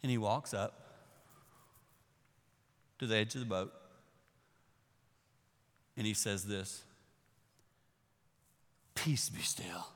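A man preaching a sermon, telling the story in an animated way that swings from hushed to loud. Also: on the low side, takes it slowly, pauses often. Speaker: pastor. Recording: echoey hall.

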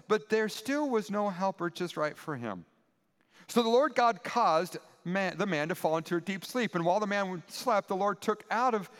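A male pastor delivers a sermon with a high, buoyant voice that swoops up and down as he jokes and leans into his points. His playful, chatty delivery carries a long echo from a large hall. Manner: animated, conversational, playful asides.

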